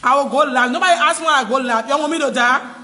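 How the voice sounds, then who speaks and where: A woman's voice: sits high, fast, pushed and bright, in a large hall. A Liberian woman making a distressed, tearful plea on a phone livestream, insisting again and again in a pleading tone. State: crying, distressed.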